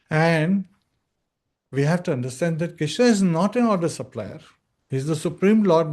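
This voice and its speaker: A man giving an earnest devotional scripture talk as a spiritual teacher, at times slowly singing chant phrases and acting out short dialogues. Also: medium pitch, a little mellow.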